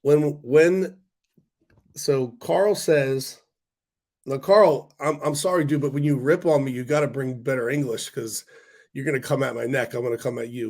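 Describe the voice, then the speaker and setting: A man with a hoarse, congested voice talks casually to his livestream viewers. He rants bluntly and breaks off into quick asides to the chat. His pitch sits in an ordinary middle range. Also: a little mellow. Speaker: stock market livestream host.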